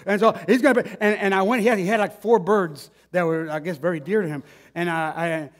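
A male pastor preaches, slipping into an animated personal story. He talks conversationally, often restarting his sentences. His voice sits on the higher side. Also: quick pace.

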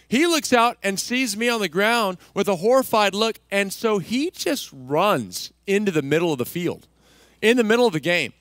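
A male pastor from Texas preaching a sermon, telling a story with lively delivery and acting out the voices of people in it. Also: sits high, no room sound. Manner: animated, acts out voices in his stories. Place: church stage.

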